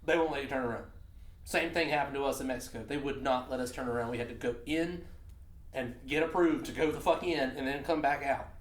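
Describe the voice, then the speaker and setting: A man's voice: medium pitch, a little fast, roomy sound. A man co-hosting a podcast, telling a profane road story in casual chat and laughing often. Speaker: podcast co-host.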